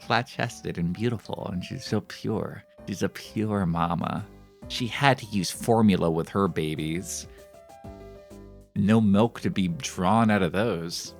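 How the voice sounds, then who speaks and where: A man's voice: sits low, measured pace, creaky, soft background music. A man streaming a cooking game, chatting casually and making crude, rambling jokes with lots of fillers. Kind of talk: casual gameplay commentary.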